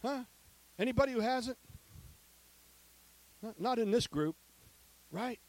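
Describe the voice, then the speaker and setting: A man preaching and telling a healing testimony, swinging between loud declarations and hushed storytelling. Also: very high voice, animated, unhurried. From Ohio.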